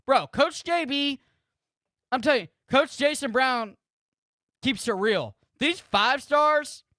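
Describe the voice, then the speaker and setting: A man's voice: very high-pitched, expressive, slow, bright, forceful tone, no echo, clean studio sound. A man in his thirties hosting a live football watch-party stream, ranting about a player in a repetitive, profane way. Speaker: sports streamer host.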